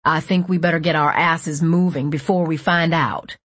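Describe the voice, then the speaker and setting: A woman's voice: deep voice, fairly even intonation, normal speed, fairly bright tone, husky, no room sound. A woman voicing a commanding adult male agent who barks urgent orders. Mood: grim.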